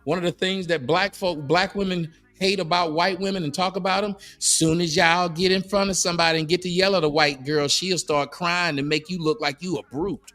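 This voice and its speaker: A middle-aged man hosting a podcast, arguing in a preachy, mocking, animated way. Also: sits high, a little fast, hardly any pauses, soft background music. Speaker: podcast host. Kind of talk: heated casual debate. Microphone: studio mic.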